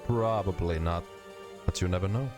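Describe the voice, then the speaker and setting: A man streaming a game, reading the dialogue and narration aloud in a measured, steady way. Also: deep voice, music in the background.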